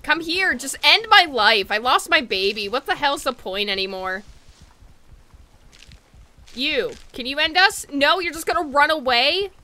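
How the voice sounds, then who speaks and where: A woman streaming a video game, loudly and expressively reacting to it and talking to the game characters as she plays. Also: high-pitched, big pitch swings, measured pace. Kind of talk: live gameplay commentary.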